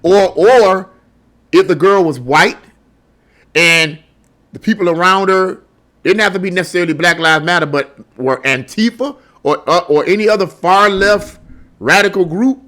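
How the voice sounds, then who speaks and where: A middle-aged political commentary host with a high, slightly bright voice delivers blunt, heated solo commentary. He often repeats words as he gets worked up.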